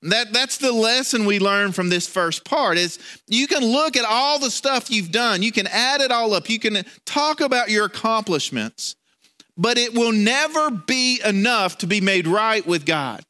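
A man's voice: high-pitched, expressive, a little slow, sharp tone. A man preaching a sermon in a conversational way, often repeating words and restarting as he tells a story. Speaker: pastor.

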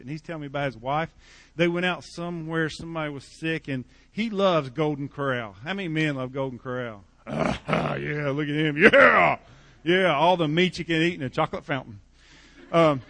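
A man's voice: a little high, a bit bright, no room sound. Joking male pastor, dry sound. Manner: conversational, joking preaching with repeated "okay?". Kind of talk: sermon. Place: church.

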